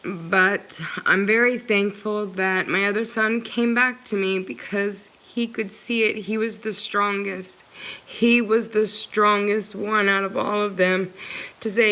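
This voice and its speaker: A woman's voice: medium pitch, fairly even intonation, slow, pushed and bright. A middle-aged woman speaking earnestly to her viewers about her own experience, close to tears at times. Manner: earnest, repeatedly addressing viewers as guys. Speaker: vlogger sharing personal experience. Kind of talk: emotional personal talk to camera.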